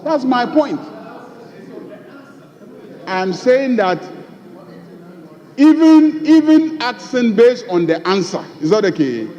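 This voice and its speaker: Man, very high voice, lecturing, repeats himself, dull sound, long echo in a big chamber. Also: big pitch swings, slow pace, long pauses, darkish tone. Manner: lecturing, repeats key phrases for emphasis. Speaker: majority leader. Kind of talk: parliamentary debate. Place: large parliament chamber. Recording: dull chamber mic with long hall reverb.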